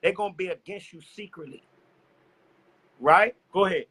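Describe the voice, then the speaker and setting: A man preaching a loud, profane sermon and cueing a scripture reader. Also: sits high, normal speed, slightly rough, low-quality recording. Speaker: street preacher. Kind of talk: fiery street sermon.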